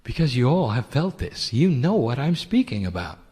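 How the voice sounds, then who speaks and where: Lively-pitched man channeling in an echoey hall. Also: moderate pace, husky. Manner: gentle, intimate and preacherly, with rhetorical questions. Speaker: spiritual channeler. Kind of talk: channeled spiritual talk.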